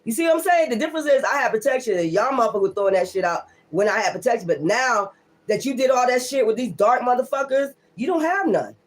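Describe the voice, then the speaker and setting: Speaking fast in a fairly high, animated voice, a woman tarot reader holds forth on a casual livestream. She's blunt and heavy with profanity, talking with firm emphasis and defiantly circling back to the same lines again and again.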